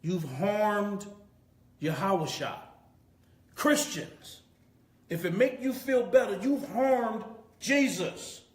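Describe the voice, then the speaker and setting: A man's voice: sits high, slow, long pauses. Emphatic man preaching in a roomy space. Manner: emphatic, repeats key phrases. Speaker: class teacher. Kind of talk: preaching scripture lesson. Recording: roomy echo.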